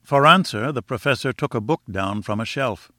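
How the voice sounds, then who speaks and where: A man narrating a novel in a measured, even reading voice. His tone is bright and forceful, and the recording is close and dry. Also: medium pitch, no echo. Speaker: audiobook narrator. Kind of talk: scripted narration.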